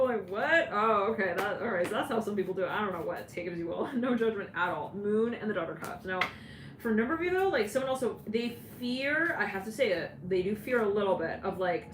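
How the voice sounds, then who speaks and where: A woman giving a channeled tarot reading who rambles and breaks into frequent giggles. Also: mid-range voice. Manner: giggly, rambling, laughs often. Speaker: tarot reader. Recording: roomy, distant mic with clear background noise.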